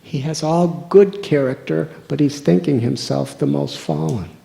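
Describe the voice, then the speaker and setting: This sermon comes from a monk in his 60s from the United States, whose warm, high-ish voice carries vocal fry. He tells his stories earnestly and slowly, pausing at length.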